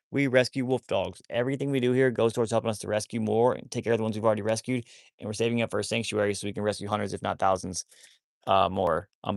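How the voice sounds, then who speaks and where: Fast-talking gravelly man. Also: on the low side, dry recording, studio quality. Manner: rambling, many restarts; talks to his dogs while chatting. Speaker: wolfdog rescue livestream host. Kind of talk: casual livestream chat.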